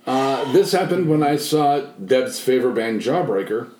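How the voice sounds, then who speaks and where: A man's voice: mid-range voice, lively intonation, moderate pace, a little mellow, roomy sound, poor audio. A man co-hosting a podcast, telling a rambling story with lots of fillers in casual chat. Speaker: podcast co-host.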